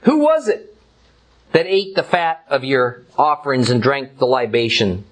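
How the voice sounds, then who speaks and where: A man's voice: mid-range voice, expressive, normal speed, natural voice. A man voicing a sarcastic male God who scolds with mocking, rhetorical questions.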